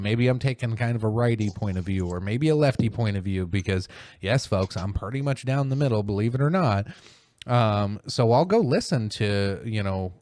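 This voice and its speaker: A man hosting a casual podcast, ranting about politics with plenty of swearing and mocking impressions. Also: darkish tone. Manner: profane, heated, mocking mimicry in high voice. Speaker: podcast host.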